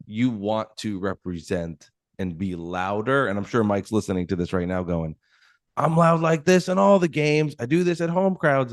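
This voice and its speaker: A man's voice: fairly low pitch, no room sound, studio quality. A man co-hosting a sports podcast, recapping plays in detail. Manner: explains and recaps plays in detail, with frequent restarts. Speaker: podcast co-host. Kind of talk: casual sports chat.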